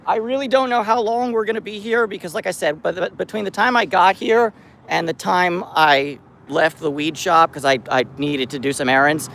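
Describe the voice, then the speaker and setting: A man vlogging outdoors on a city street about the cats he looks after, chatting casually to the camera and greeting the cats in a high sing-song voice. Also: moderate pace, vocal fry, fairly bright tone, a little hiss or hum. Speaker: vlogger caring for a street cat colony. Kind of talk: casual vlog talk to camera.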